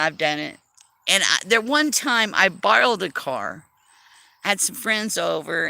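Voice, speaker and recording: A woman's voice: lowish voice, gravelly, bright, forceful tone, dry recording. A woman chatting casually on a livestream, self-deprecating and laughing often as she talks. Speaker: livestream host.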